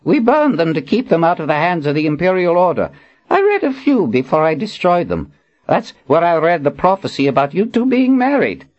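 A man voicing a frail, excitable old male wizard with a thin, squeaky voice. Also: fairly quick, lo-fi sound. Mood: fussy excited.

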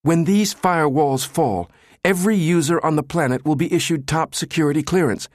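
A man voicing a frantic male systems chief who shouts and insists. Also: on the high side, fairly quick, no room sound, studio quality, pitched above the performer's own voice, close to an everyday voice. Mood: urgent.

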